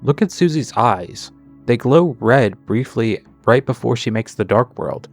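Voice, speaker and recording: A man's voice: medium pitch, lively intonation, unhurried, a little mellow, soft background music. A man narrating a character analysis of a video game in a chatty way, drifting into tangents and sarcastic asides. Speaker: video essayist.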